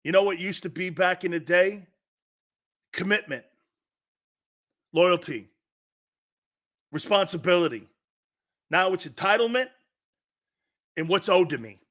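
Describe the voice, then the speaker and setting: Animated and a little slow, with long pauses, this middle-aged man hosts a sports talk show and rants his views with plenty of profanity. His delivery jumps from loud eruptions to quiet, intense asides, and he repeats lines to drive points home.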